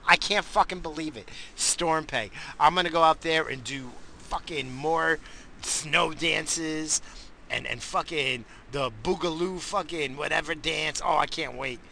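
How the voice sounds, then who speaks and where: A man hosting a casual rambling monologue, swinging from loud hyped shouts to low muttering, swearing often and coughing now and then. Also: a little slow, creaky, a little hiss or hum. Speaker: podcast host.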